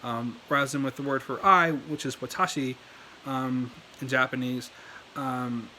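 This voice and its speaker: A man's voice: mid-range voice, fairly even intonation, a little slow, sharp tone, slight background noise. A man giving a casual language lesson on camera, talking loosely with lots of fillers and restarts. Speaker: language learning video host. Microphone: desk setup, moves around in his chair.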